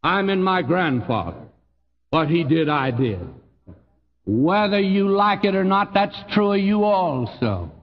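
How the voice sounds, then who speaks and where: Folksy Texan preacher, slow and emphatic. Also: male voice, very animated, big-room sound, dull audio. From Texas. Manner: folksy, emphatic, swoops high on key phrases and drops low. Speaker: pastor. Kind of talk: sermon.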